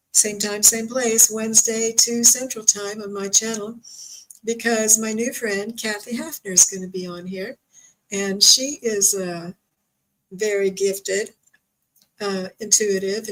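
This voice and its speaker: Lady medium on a live stream, soft and gentle, stretches her words out slow. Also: fairly high pitch, rough recording. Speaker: psychic medium host. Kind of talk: live-streamed spiritual reading.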